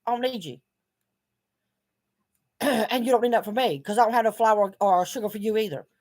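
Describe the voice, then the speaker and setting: A woman's voice: fairly high pitch, normal speed, darkish tone. A middle-aged woman speaking bluntly in a video journal, swearing often as she vents her frustration. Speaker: vlogger.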